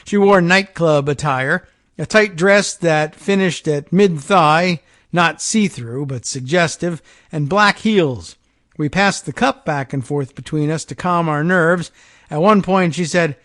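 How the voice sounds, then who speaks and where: A man with a fairly high voice reads a long first-person story to his listeners. His dry, close-miked delivery keeps dropping into quiet, sardonic side comments before he goes back to the reading. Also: measured pace, no room sound. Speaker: podcast host. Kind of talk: reading a story aloud with asides.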